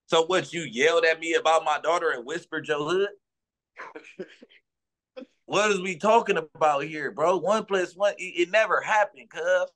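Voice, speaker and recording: A man's voice: on the high side, normal speed, fairly bright tone. A man from Los Angeles, a guest in an interview, talking heatedly and insistently in profane street slang.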